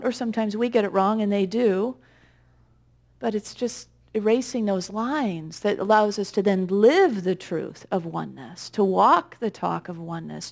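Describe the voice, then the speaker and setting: A woman minister giving a conversational, gently humorous sermon with reflective pauses. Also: medium pitch, creaky.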